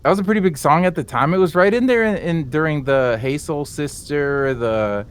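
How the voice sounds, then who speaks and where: A man's voice: on the high side, normal speed, slight background noise. A young man in casual chat while gaming, rambling, joking and swearing freely. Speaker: streamer co-host.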